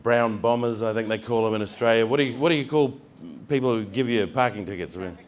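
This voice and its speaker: A male stand-up comedian telling stories on stage, animated, acting out scenes and building to shouts. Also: medium pitch, fast talker, noisy background. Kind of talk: stand-up storytelling. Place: comedy stage before a live audience.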